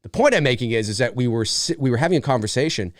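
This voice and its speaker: A Canadian man hosting a live Q&A, talking in an animated, rambling way with casual swearing. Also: medium pitch, rapid-fire, no echo, clean studio sound. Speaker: host. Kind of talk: live Q&A chat.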